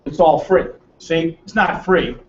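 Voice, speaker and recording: A man's voice: a little high, a little slow. An American man giving a seminar to a live audience, brash and joking, quizzing people in the room and teasing them. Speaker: seminar presenter. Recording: roomy, distant, dull room mic.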